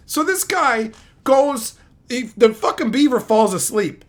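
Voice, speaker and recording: Male streamer, exasperated storyteller with a very lively, swooping pitch; profane, escalating rants. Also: unhurried. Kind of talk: ranting storytelling to a live chat.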